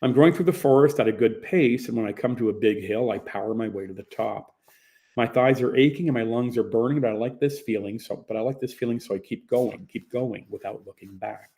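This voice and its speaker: A young man narrates a first-person audiobook in a plain, conversational way. His voice is gravelly and dark, with a mellow, relaxed tone. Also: mid-range voice, fairly quick.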